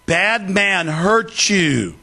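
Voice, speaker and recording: A man doing a condescending official who speaks to the public as if to a child, drawing out each simple word. The voice sits higher than normal and stays gravelly and sharp-edged, as the host mocks how he thinks they talk. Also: very animated, exaggerated voice. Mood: mocking. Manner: slow, exaggerated, simple-worded mockery. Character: condescending man talking down slowly to a dim public.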